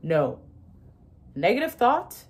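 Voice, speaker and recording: A young woman talks straight to her viewers in a casual, emphatic way. She laughs often and slips into little acted-out inner voices as she explains. Her pitch sits in the middle range. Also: big pitch swings, slow. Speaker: manifestation content creator.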